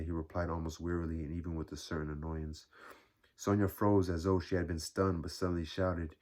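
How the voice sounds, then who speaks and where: A man reading a classic novel aloud as narrator, steady and measured. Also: low voice. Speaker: audiobook reader.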